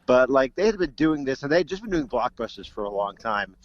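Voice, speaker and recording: A man's voice: medium pitch, big pitch swings, a little fast, dry recording. Rambling man on a lo-fi mic. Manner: rambling, many restarts and fillers. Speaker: podcast co-host. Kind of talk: casual chat. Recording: dull, dry lo-fi mic.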